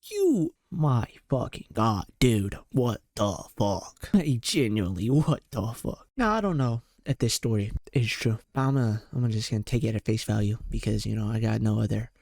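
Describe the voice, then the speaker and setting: A young man hosts a reaction commentary, ranting in exasperated disbelief with slang and free swearing. His fairly low, darkish voice is sing-song with vocal fry, leaping all over its range at a normal speed with hardly any pauses. The recording is dry, close to the mic, and without echo.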